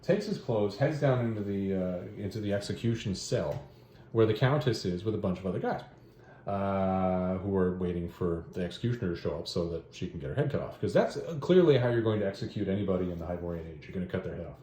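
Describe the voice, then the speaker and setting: A man's voice: low-pitched, quick pace, slight background noise. A man hosting, giving a rambling, joking recap of a story in a casual way. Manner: rambling, joking, animated retelling. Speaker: host reviewing stories and comics. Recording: roomy echo.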